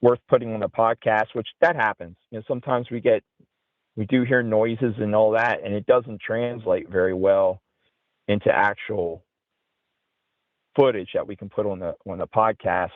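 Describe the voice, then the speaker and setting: A man's voice: lowish voice, fairly even intonation, normal speed, no echo. A man telling a story as an interview guest, rambling along with lots of "you know". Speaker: guest, outdoorsman and paranormal investigator. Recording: tinny phone-like line.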